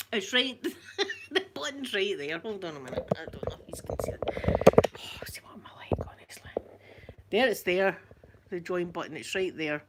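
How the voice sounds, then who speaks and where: A woman's voice: mid-range voice, background noise. A woman with a broad Glaswegian accent, hosting a casual live-stream chat, greeting viewers by name and laughing often. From Scotland. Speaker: ASMR channel host.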